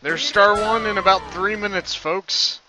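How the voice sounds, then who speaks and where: Unhurried man narrating his gameplay. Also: high-pitched, fairly even intonation. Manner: chatty, self-amused, thinking aloud. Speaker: let's play host. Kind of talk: casual gameplay commentary. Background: video game music.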